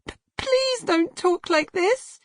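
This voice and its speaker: A woman's voice: very high voice, measured pace, fairly bright tone, dry recording, studio quality, voice pushed up. A woman voicing a frightened little girl who pleads tearfully with her mother. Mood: terrified pleading.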